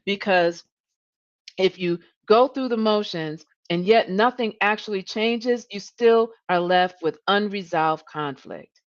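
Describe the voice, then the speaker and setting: A woman's voice: mid-range voice, takes it slowly, lo-fi sound. A woman coach hosting a live-streamed coaching talk, earnest, often repeating words and saying "you know". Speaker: leadership coach and host.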